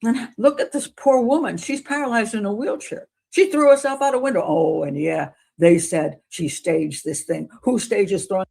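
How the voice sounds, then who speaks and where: A woman hosting a casual talk show, commenting on a trial in an animated way and acting out courtroom quotes. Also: medium pitch, normal speed, gravelly, few pauses. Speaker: host.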